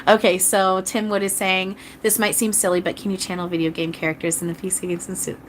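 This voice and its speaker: A woman's voice: medium pitch, little pitch movement, a little fast, a little hiss or hum. A woman channeler chatting casually on a live stream, rambling and earnest, apologizing often to viewers. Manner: chatty, rambling, with frequent restarts. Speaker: channeler giving live readings.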